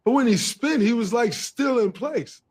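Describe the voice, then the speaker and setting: A man, a pro basketball player, telling a story from a game with animated, laughing delivery. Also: very high-pitched, moderate pace, husky. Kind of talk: recounting a story in an interview.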